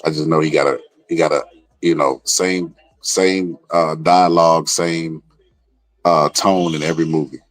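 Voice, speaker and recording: A man's voice: very deep voice, steady tone, measured pace, dry recording. A man hosting a live stream, giving blunt, mocking casual commentary on a boxing broadcast. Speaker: livestream host reacting to a boxing broadcast.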